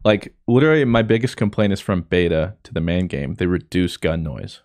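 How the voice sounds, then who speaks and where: Low-voiced man joking about games. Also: a little fast, a little mellow, dry recording, studio quality. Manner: joking, rambling, sarcastic. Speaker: podcast co-host. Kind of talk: casual gaming podcast chat.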